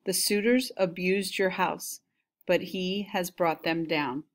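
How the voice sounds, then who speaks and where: A woman's voice: on the low side, steady tone, slow pace. A woman voicing an old nurse who is eager and insistent, read aloud with emphasis. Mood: joyful. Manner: pleading, emphatic reading aloud.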